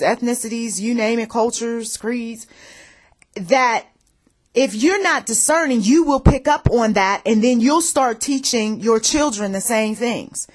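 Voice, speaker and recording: A woman giving a plainspoken faith message in a conversational way, repeating phrases for emphasis and often checking in with "okay?". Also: on the high side. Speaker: faith-based audio message speaker.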